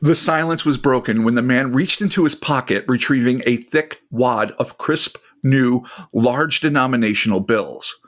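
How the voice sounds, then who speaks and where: A podcast host telling a strange tale in casual chat, reading passages aloud and breaking off for jokes and swearing. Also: male voice, mid-range voice, normal speed, hardly any pauses, fairly bright tone.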